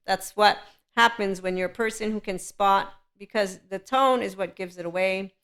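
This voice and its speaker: A woman hosts her own podcast, speaking alone and off the cuff. Her voice is smooth and clear, set at a middle pitch for a woman. She rambles, leans hard on her points, speaks candidly, and keeps checking in with the listener. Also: moderate pace, fairly bright tone. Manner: rambling, emphatic and candid, with frequent "okay" check-ins. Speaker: podcast host. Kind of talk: unscripted solo podcast monologue.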